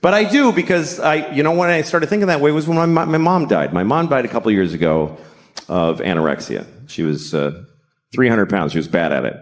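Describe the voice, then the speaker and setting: Middle-aged male stand-up comic, deadpan, crude delivery that swings to shouting, lively pitch, on a stage mic. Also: a little fast. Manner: deadpan, profane, building to shouted rants. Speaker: stand-up comedian. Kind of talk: stand-up comedy set. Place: comedy stage before a live audience.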